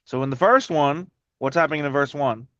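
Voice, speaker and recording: A man teaching a casual Bible study with a fairly high voice. He is direct and corrective but encouraging. The recording sounds dull and dry. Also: fairly quick, a bit bright, dry recording.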